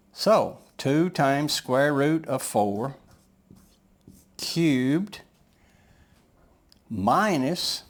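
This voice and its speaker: Slow, patient male math teacher. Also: mid-range voice. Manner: slow, patient, talks through each step aloud. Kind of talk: whiteboard math lesson.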